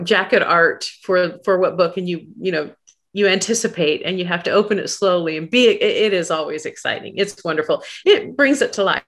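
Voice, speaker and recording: Chatty woman on a video call. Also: mid-range voice. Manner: chatty, upbeat, halting with fillers and restarts. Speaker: guest author. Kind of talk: casual chat on a video call.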